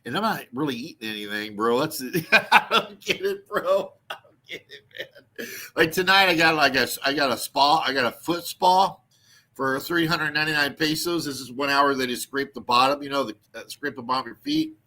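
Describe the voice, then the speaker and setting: A man's voice: fairly high pitch, expressive, moderate pace, bright, forceful tone. A man hosting a livestream, rambling crudely, swearing, and laughing often. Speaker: livestream host. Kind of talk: rambling casual livestream chat.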